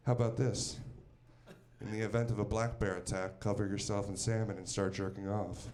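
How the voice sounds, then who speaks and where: A man voicing a crude male bear pitching a scheme to the others in a hushed tone. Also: level tone, fairly quick, a little hiss or hum, natural voice. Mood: scheming.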